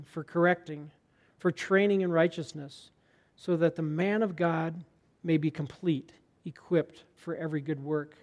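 A man preaching a sermon as pastor, earnest and conversational, sometimes dropping to a hushed tone for emphasis. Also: a little high.

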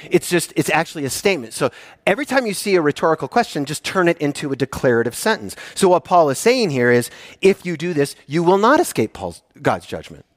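A man preaching a sermon as a pastor, earnest and emphatic, swinging between hushed soft lines and rising heartfelt appeals. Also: on the high side, dry recording, clean studio sound.

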